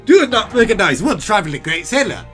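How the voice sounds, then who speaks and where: A streamer putting on a gruff, hostile sailor with a thick put-on Russian accent, barking short lines in a game playthrough. The pitch swings wildly between lines, and game music plays clearly underneath. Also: big pitch swings, quick pace. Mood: blustering. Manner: loud, blustering, hostile. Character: gruff male Russian sailor posing as French.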